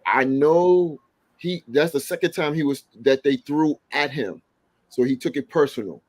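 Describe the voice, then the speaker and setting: A man's voice: a little high, a little slow, a little mellow, dry recording. Plain-spoken man, dry sound. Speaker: panelist. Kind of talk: casual sports commentary.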